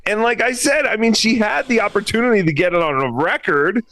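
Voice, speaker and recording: A man's voice: high-pitched, fairly quick, sharp tone. A man voicing a chatty, agreeable male puppet guest on a casual talk stream, chuckling along. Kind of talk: casual chat.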